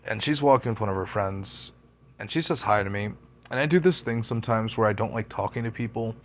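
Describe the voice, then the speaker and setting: A man's voice: lowish voice, fairly quick, lo-fi sound. A young man casually telling personal stories, rambling, swearing a lot and interrupting himself. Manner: rambling, profane, self-interrupting. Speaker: storyteller, podcaster.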